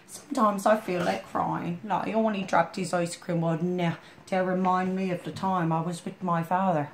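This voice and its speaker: A woman's voice: lowish voice, steady tone, moderate pace, hardly any pauses, a little hiss or hum. A woman reading a storybook aloud, breaking off into chatty, homespun asides as if talking straight to a friend. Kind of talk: reading a picture book aloud with folksy asides. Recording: roomy echo.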